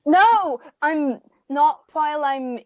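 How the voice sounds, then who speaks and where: A woman playing a tabletop game, speaking hesitantly and halting often. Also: high-pitched, animated, no room sound, dull audio. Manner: hesitant, halting with many ums. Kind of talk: casual tabletop role-play.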